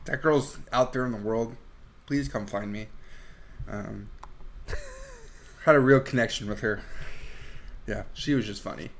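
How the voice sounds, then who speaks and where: A man's voice: mid-range voice, huge pitch swings, unhurried, long pauses. A man co-hosting a movie podcast in casual chat, animatedly retelling scenes, laughing often and speaking candidly, a little crude. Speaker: podcast co-host.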